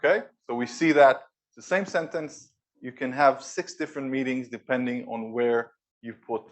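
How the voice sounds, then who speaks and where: A man with a mid-range voice gives a live presentation to co-workers in an office event room with an audience. He's energetic and demonstrative, pausing for emphasis.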